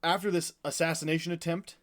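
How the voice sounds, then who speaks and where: Rambling man recapping a book. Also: on the high side. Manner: rambling and animated, full of "like" and quick acted-out quotes. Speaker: podcast co-host recapping a book. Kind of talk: casual chat.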